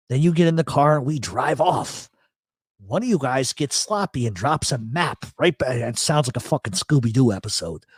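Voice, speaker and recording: A middle-aged man hosting a podcast, telling stories in a profane, animated casual chat. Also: fairly high pitch, dry recording, clean studio sound. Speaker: podcast host.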